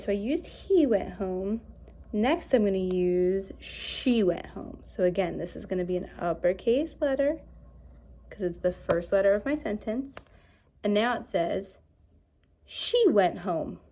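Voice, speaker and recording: Cheerful woman teacher for a recorded lesson for small kids, clear and animated. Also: mid-range voice. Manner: animated, slow and clear, asks pupils questions. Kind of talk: recorded early-grade lesson.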